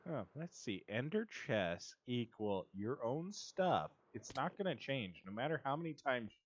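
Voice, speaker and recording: A man's voice: mid-range voice, sing-song, measured pace. A man chatting casually and laughing often while livestreaming a game and answering his chat. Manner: giggly, chatty, reads chat aloud. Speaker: streamer. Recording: dull, dry lo-fi mic.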